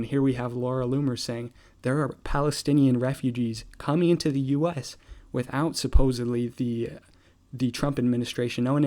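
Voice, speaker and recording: A man speaking at an ordinary middle pitch, holding a measured, slightly wry tone as he works through scripted commentary. He keeps stacking rhetorical questions, steady and deliberate, like an online commentator talking to his viewers.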